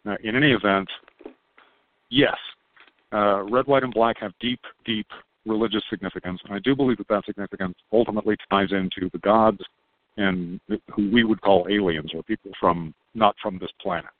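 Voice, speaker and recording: A man on a podcast as a guest, talking in a calm, unhurried, explaining way. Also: lowish voice, dry recording. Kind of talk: casual podcast conversation. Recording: tinny phone-line sound, dry.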